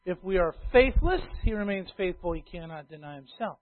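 A preacher with a high, ringing man's voice delivers a sermon, hammering home key phrases through repetition. He swings from loud declarations to quiet asides. The sound is thin and tinny, like it came over a phone line. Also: animated, fairly quick, no room sound. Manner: emphatic, repeats key phrases, swings between loud and hushed.

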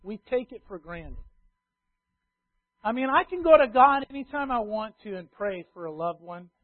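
High-voiced preacher man, tinny phone-like sound. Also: lively intonation, moderate pace, no echo. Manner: emphatic, repeats key phrases, swings between loud and hushed. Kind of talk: sermon.

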